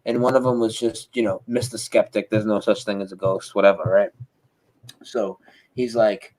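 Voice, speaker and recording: A man tells a story in a loose, animated way, stops to mimic thuds and footsteps, and swears without a second thought. His voice sits at an ordinary middle pitch and comes through a video call. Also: low-quality recording. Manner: animated, imitates sounds, swears freely. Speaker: interview guest. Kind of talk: casual storytelling.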